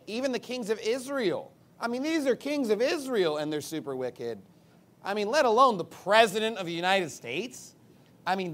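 In an emphatic, combative sermon, a man adds sarcastic asides, and his pitch and loudness swing widely.

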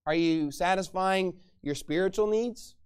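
A man pastor preaching a sermon, swinging between loud emphatic exhortation and low, quiet passages. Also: measured pace, clear, resonant tone.

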